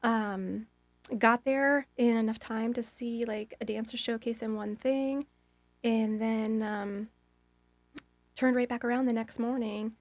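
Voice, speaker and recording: A woman's voice: fairly high pitch, steady tone, takes it slowly, no echo. A woman guest on a podcast, telling a long personal story in a rambling, casual way, with lots of fillers and little acted-out bits of inner dialogue.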